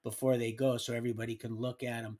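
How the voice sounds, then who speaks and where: A man's voice: medium pitch, little pitch movement, quick pace, mellow. A man casually telling his life story on a live stream, rambling and colloquial, with frequent restarts. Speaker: livestream storyteller. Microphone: streaming mic.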